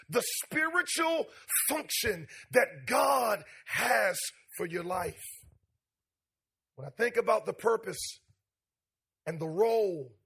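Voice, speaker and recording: A man's voice: sits high, a bit bright, slightly rough. A man preaching a revival sermon, rhetorical and building emphasis, drawing out key words.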